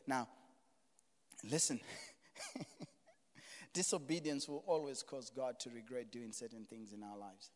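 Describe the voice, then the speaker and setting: A middle-aged man preaching a sermon as pastor, moving from quiet asides to loud exclamations. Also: mid-range voice, slow pace, pauses often. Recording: reverberant hall.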